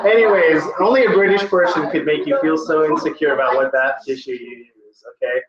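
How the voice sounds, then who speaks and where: A man with a fairly high voice teaching a classroom lesson in a casual, animated way. His speech is loose and full of "like". The sound is echoey, dull and lo-fi, as if it were recorded in a classroom. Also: fairly quick, crowd noise. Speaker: test-prep teacher.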